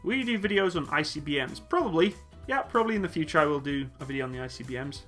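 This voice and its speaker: A man's voice: fairly high pitch, animated, very fast, a bit bright. A man hosting a casual live Q&A stream, reading chat questions aloud in a jokey, laid-back way and laughing easily. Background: faint upbeat music.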